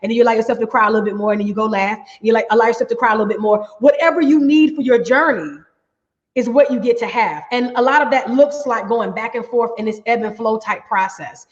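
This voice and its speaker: Middle-aged woman, workshop coach, emphatic and conversational, slightly high voice; dull, roomy recording. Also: quick pace. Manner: emphatic, repeats "right?". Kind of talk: healing workshop talk. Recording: echoey, dull room sound.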